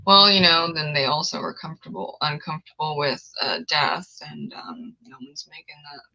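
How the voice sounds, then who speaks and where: A man's voice: a little high, sing-song, moderate pace, creaky, bright, forceful tone, low-quality recording. A man chatting casually on a video call, giving dry, teasing short replies. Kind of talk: casual chat.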